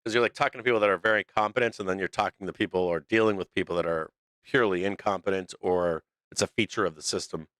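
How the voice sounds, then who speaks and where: A man's voice: sits low, steady tone, fast, fairly bright tone, dry recording. A middle-aged man hosting a stock market livestream, talking in a blunt, profane, rambling way full of restarts. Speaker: stock market show host. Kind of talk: casual livestream rant.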